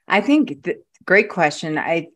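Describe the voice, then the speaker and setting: A woman talking as a podcast guest, telling stories in an animated, casual way with frequent restarts. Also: fairly low pitch, measured pace. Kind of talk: casual interview chat.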